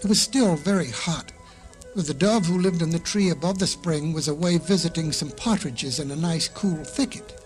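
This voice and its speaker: A man's voice: fairly high pitch, moderate pace, soft background music. A man narrating animal fables for children on a storybook record, in a folksy style.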